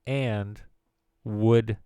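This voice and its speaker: A man's voice: lowish voice, steady tone, very slow, warm tone, smooth, no room sound. A man streaming from his computer at home, chatting casually and rambling into jokes and word games. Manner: rambling and jokey, riffing on words. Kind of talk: casual live-stream chat.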